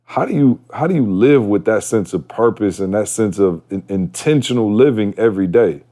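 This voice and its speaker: A man's voice: on the low side, animated, normal speed, mellow. A man co-hosting a podcast, talking casually in an earnest, slangy way. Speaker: podcast co-host.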